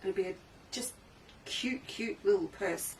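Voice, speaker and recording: A woman's voice: medium pitch, a little slow, a little mellow. Chatty woman, slightly off-mic. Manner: chatty, enthusiastic, trails off and restarts. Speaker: fabric shop owner hosting a live sale. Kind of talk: casual live-stream sales chat. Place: indoors in a sewing shop. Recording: slightly distant mic with faint background noise.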